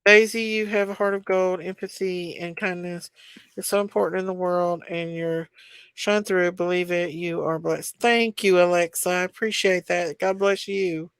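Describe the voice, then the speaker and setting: A woman hosts a casual livestream, chatting with viewers and reading their comments aloud. Her voice is smooth and clear, recorded dry and close. She talks in an emotional, chatty way. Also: lowish voice, steady tone, moderate pace, dry recording. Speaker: livestream host.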